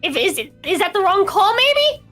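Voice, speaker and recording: A woman co-hosting a podcast with a high, lively voice that swoops up and down. She rants bluntly and swears constantly, with a bright, sharp edge. Faint music runs underneath. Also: moderate pace. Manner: blunt, heated ranting, heavy swearing. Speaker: podcast co-host. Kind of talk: casual podcast chat.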